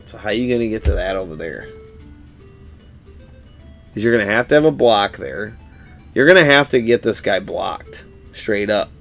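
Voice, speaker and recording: This is a man in his thirties chatting on a game stream. His voice sits on the low side, and he rambles in a laid-back way, cursing casually and laughing often as he talks. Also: animated, normal speed, creaky, pauses often, a bit bright, faint music behind. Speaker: gaming streamer. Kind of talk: casual live-stream chat while playing.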